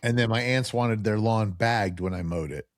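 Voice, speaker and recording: A middle-aged man in a casual podcast chat, an animated storyteller who acts out quoted dialogue. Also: on the low side, normal speed, no echo, clean studio sound.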